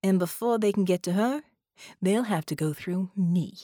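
Woman reading as a tough cyborg woman, cocky, grim, slightly lowered, dry close mic. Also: normal speed, mellow, no echo, close to an everyday voice. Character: tough, confident female cyborg fighter. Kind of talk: audiobook character reading.

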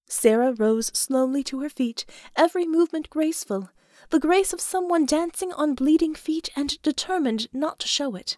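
A woman narrating an audiobook in an expressive, measured storytelling manner. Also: high-pitched, no echo, studio quality.

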